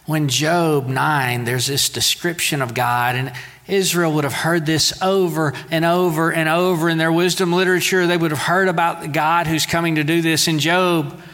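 A man's voice: fairly high pitch, steady tone, normal speed, a bit bright. A man preaching a sermon in a conversational way, with playful asides. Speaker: pastor. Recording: long hall reverb.

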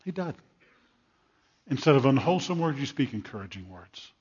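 A man's voice: medium pitch, sing-song, moderate pace, darkish tone, breathy edge. An older man, a pastor, preaching a sermon with emphatic delivery and storytelling asides. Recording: dull lo-fi sermon recording.

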